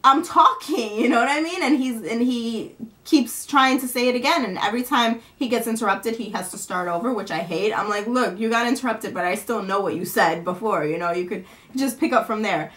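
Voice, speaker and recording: Young woman with a higher-pitched voice, venting to camera at home, rambling and frustrated. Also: a little fast. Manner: rambling, frustrated, swears casually. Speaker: vlogger.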